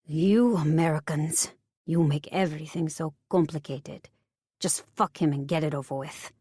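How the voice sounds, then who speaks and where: A worldly French woman, put on by a female audiobook narrator, speaks in a breathy, low voice. She is blunt and teasing, drawling her frank advice without any hurry. The sound is close and dry. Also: moderate pace, dark tone, dry recording.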